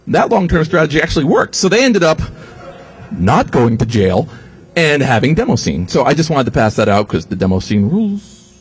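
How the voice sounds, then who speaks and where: A man speaks to a live audience in a loose, joking lecture, his pitch swinging widely as he mocks and quotes others. His voice is slightly husky, and he swears freely without losing his train of thought. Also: big pitch swings, a little fast. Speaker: speaker giving a talk. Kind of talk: profane comic lecture.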